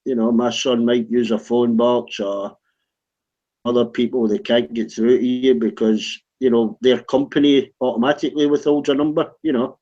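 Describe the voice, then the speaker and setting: A man's voice: mid-range voice, flat delivery, normal speed, mellow. A man telling a rude, swearing story in casual chat, laughing often. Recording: dull lo-fi sound.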